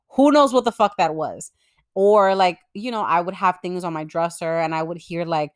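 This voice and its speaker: Young female podcast host, lower pitch, loose and chatty with casual cursing, dry recording. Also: a bit bright, no room sound. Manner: chatty, swears casually, many fillers. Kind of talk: casual storytelling.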